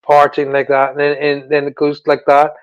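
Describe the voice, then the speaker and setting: A man's voice: a little high, normal speed, smooth, dry recording, dull audio. A man, a psychic medium guest, chatting in a casual interview and animatedly acting out what he describes with sound effects. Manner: animated storyteller, acts out sounds.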